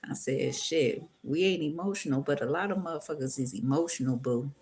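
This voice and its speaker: A woman with a low, deep voice rambles through a tarot reading and swears freely, calling her viewers "boo" and "baby." She talks casually and loosely. A steady noise runs under the recording. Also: brisk. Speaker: tarot reader.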